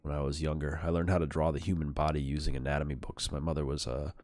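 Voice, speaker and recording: A man's voice: a bass voice, level tone, fast, darkish tone, dry recording. A man streaming a horror game, talking casually and bluntly, swearing, and reading the game's text aloud. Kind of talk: casual gameplay commentary.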